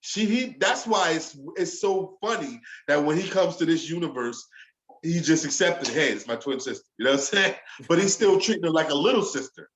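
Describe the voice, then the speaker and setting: A man's voice: on the high side, animated, normal speed, echoey room, low-quality recording. A man co-hosting a podcast, retelling a show in casual chat and often asking "you know what I'm saying". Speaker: podcast co-host.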